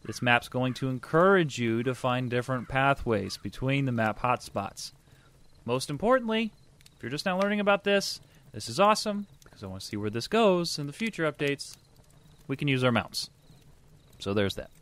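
A man's voice: mid-range voice, sing-song, moderate pace, fairly bright tone. Man, podcast co-host, casual gaming chat, upbeat, reads news aloud.

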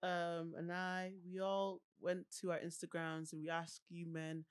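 A woman's voice: lowish voice, little pitch movement, measured pace, clean tone. A woman co-hosting a podcast, playfully leading the chat and reading from a list. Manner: playful, reads items from a list. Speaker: podcast co-host. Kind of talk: casual banter.

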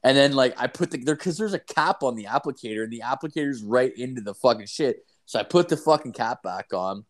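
A man's voice: mid-range voice, animated, a little fast, few pauses. Profane rambling young man telling a story. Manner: profane, rambling, acts out quotes. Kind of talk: crude casual storytelling.

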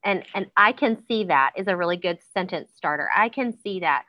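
A woman's voice: on the low side, expressive, fairly quick, no room sound, low-quality recording. A woman in her thirties talking casually about parenting, with frequent ums. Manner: warm, frequent ums, acts out kids' voices. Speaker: parenting podcast guest. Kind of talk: casual conversational chat.

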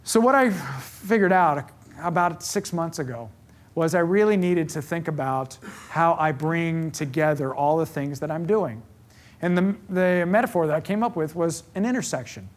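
Earnest, fairly high-voiced man preaching. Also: moderate pace. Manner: earnest, gets emotional about faith; builds with repeated lines. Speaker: speaker giving a faith talk. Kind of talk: sermon.

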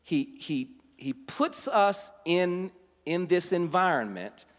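A man preaching a sermon as pastor, teaching from scripture and building to fervent, loud delivery. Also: sits high, sing-song, takes it slowly, long reverb tail.

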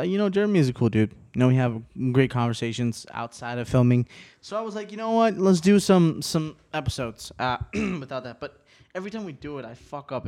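A man hosting his podcast alone in a small home studio, talking casually and rambling, cursing often, swinging between subdued and excited. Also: mid-range voice. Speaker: podcast host. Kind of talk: casual solo podcast chat.

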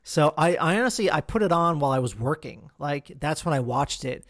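Male podcast host, a bit high-voiced, loose and sweary, riffing on movies in a dry, close recording. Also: lively intonation, fairly quick, a bit bright, dry recording. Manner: rambling, profane, full of fillers and restarts. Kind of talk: casual film review chat.

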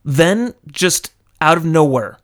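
A man from California, animated and dramatic, telling a personal story into a close microphone. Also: on the high side, slow pace. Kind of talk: casual storytelling monologue. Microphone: close studio microphone.

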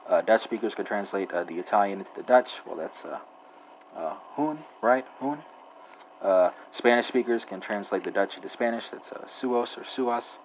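A man's voice: fairly low pitch, normal speed, slight background noise, poor audio. A man hosting a language lesson who talks off the cuff with many "uh" fillers and keeps checking with "right?". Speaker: language podcast host. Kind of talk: unscripted language lesson monologue.

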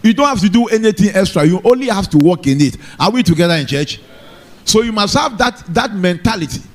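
A man preaches in church, his voice sitting high for a man. He keeps checking in with his congregation, asking if they are together and calling for an amen. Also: expressive, fairly quick. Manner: call-and-response preaching, asks the congregation for amen. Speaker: pastor. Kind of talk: sermon.

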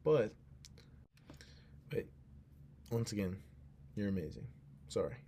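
A man's voice: on the low side, lively intonation, takes it slowly, warm tone, slight background noise. A young man hosting a casual solo podcast, talking in an earnest, rambling way and cutting himself off, sounding drowsy. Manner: rambling, earnest, self-interrupting. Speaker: podcast host.

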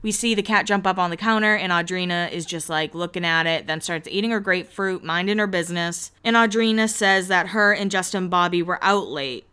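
Woman, gossipy recap chat, swears casually, bright tone, smooth voice. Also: fairly low pitch, a little fast, hardly any pauses. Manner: chatty, gossipy, swears freely. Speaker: vlogger recapping a reality show.

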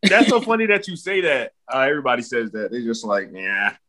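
A man in his late twenties, from the New Jersey and Philadelphia area, speaking as a podcast guest in a measured, joking way. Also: mid-range voice, big pitch swings, pushed and bright. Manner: measured, self-aware, joking. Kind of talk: casual podcast chat.

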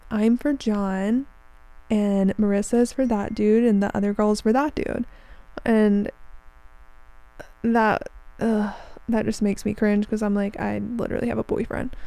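A young woman hosting her own show, chatting casually and telling lively, animated stories with frequent swearing. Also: mid-range voice, no room sound, low-quality recording. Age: young adult. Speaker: podcast host. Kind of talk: casual chat.

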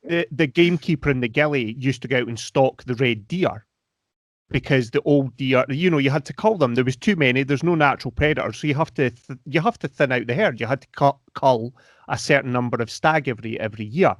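A Scottish man co-hosting a casual chat, wry and quick to joke and laugh. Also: mid-range voice, no echo, studio quality. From Scotland. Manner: wry, joking asides, laughs easily.

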